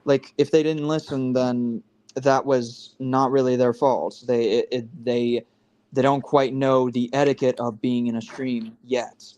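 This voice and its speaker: A man's voice: medium pitch, fairly even intonation, a little slow, darkish tone. A man in his twenties talks on a casual live stream over a video call. He rambles earnestly, circling back and restarting his sentences as he explains himself. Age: 20s.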